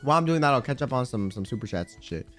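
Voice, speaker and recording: A man's voice: medium pitch, lively intonation, very fast. A man streaming live, chatting casually with his viewers in a rambling, crude, joking way. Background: faint background music.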